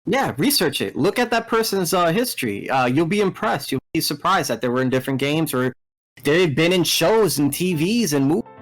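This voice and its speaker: A man hosting a casual gaming podcast, talking excitedly and rambling with restarts, with a mellow voice. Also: on the high side, moderate pace, rough recording. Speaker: podcast host. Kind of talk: casual chat.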